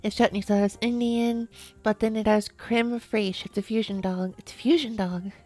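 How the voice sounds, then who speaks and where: A woman's voice: on the high side, measured pace, faint music behind. A woman streamer chatting casually on a live stream, rambling, giggling often and restarting her sentences.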